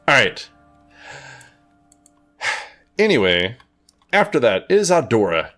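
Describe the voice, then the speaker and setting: A man runs a tabletop game as game master, his pitch rising and falling a lot. He is playful and swears when rolls go badly. Faint music plays behind him. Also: sing-song, slow pace, pauses often, a bit bright.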